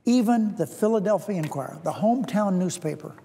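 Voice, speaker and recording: A man with a fairly high, mellow voice delivers a formal floor speech as a senator. He speaks deliberately and circles back to repeat key phrases for emphasis. His voice carries the long reverb of a large legislative chamber, picked up by a podium microphone. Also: expressive.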